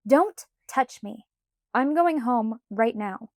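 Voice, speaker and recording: A sharp-tongued teenage girl, read by a woman, snaps her lines out louder and slower than the narration around them. The voice sits a little high with a soft, mellow color. It is recorded close and dry. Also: no room sound, close to an everyday voice. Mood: furious. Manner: raised, emphatic, slow outbursts.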